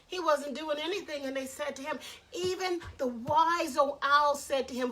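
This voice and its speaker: Woman storyteller, children's tale, high voice, lively chatty delivery. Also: moderate pace.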